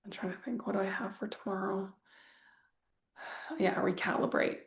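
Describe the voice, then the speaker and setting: In an echoey room, a woman runs a live online wealth masterclass for a group, her gravelly, medium-pitched voice steady and moderately paced. She talks casually and rambles, sighing now and then and letting slip the odd swear word.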